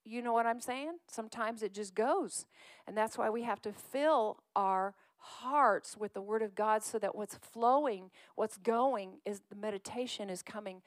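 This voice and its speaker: A woman's voice: medium pitch, no room sound. A woman preaching a conversational sermon who coaxes her listeners to call out scriptures.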